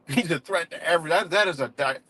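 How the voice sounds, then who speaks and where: A man's voice: a little high, brisk, pushed and bright. A man hosting a casual livestream, ranting heatedly and profanely with lots of fillers and restarts. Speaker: livestream host.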